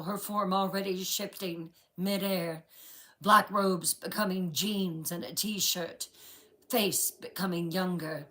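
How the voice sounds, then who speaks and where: A woman narrating a horror story in a slow, dramatic scripted style. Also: lowish voice, a bit bright, a little hiss or hum, poor audio.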